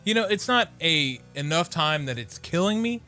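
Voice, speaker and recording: Man, podcast co-host, bright tone, rambling, casual chat. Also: on the high side, lively intonation, moderate pace, faint music behind. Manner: rambling, hesitant with fillers.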